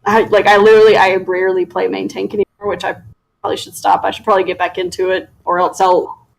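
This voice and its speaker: A woman's voice: mid-range voice, level tone, quick pace, creaky. A woman guest in a casual livestream chat, talking chattily with many fillers and giggles.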